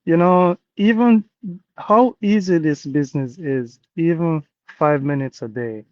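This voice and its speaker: Jamaican guy on a video call, kinda high voice, repeats himself, pep-talk vibe, muffled dry sound. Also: a little slow, dry recording. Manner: earnest, repetitive, motivational. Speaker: interview guest, business owner. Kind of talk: casual testimonial talk. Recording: dull dry call audio.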